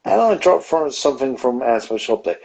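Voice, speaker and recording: On a casual beer review livestream, a male co-host tells rambling stories, constantly interrupting and restarting himself. His mid-range voice is sing-song, fast, creaky and a little mellow with a breathy edge. He's on a home setup, and the recording quality is low.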